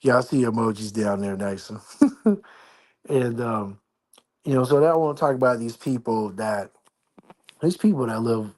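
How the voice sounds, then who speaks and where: Pausing often, a man with a medium-pitched, slightly mellow voice talks at normal speed on his livestream. He's at home in his apartment, chatting casually in a rambling, slangy way with his voice kept down.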